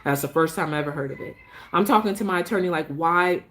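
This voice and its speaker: A woman's voice: fairly low pitch, rapid-fire, a bit bright. Frustrated woman venting in a vlog. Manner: frustrated, emphatic retelling with many restarts. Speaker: parent telling her story. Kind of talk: casual vlog storytelling.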